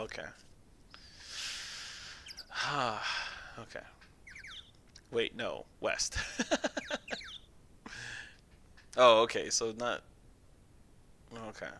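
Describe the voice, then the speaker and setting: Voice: mid-range voice, big pitch swings, takes it slowly, vocal fry, pauses often, sharp tone, slight background noise. Hesitant, rambling game streamer. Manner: hesitant, rambling, self-deprecating. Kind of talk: let's-play reading and chatting with viewers.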